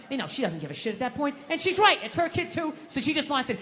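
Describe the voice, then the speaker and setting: A middle-aged man doing profane stand-up storytelling, ranting and bursting into shouts. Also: extremely high pitch, big pitch swings, quick pace, few pauses. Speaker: stand-up comedian. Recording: live hall reverb, faint noise.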